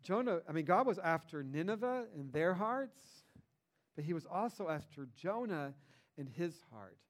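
A young man preaching in a casual, conversational way, retelling a Bible story and rising in pitch and volume when he stresses a point. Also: moderate pace. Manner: conversational and animated, rises in pitch and volume for emphasis. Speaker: pastor.

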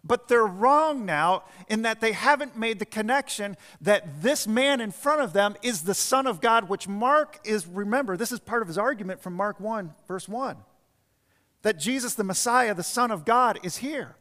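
Preaching in a high-pitched, animated voice at a normal speed, a man delivers a sermon as pastor, weaving stories before driving his points home forcefully. His quiet asides alternate with emphatic lines, all echoing with the long reverb of a church hall.

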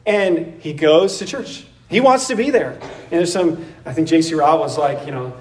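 A man preaching a sermon in a conversational, animated way, laughing and acting out voices as he goes. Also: on the high side, moderate pace, distant mic, a little hiss or hum. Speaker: pastor. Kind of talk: expository sermon.

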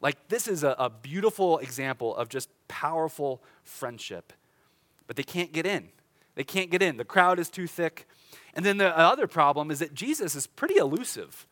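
A young adult man, a pastor, preaching a conversational sermon, chatty and light, slowing down for dramatic lines. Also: a little high, animated, pushed and bright. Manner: conversational, with laughs and dramatic slowdowns.

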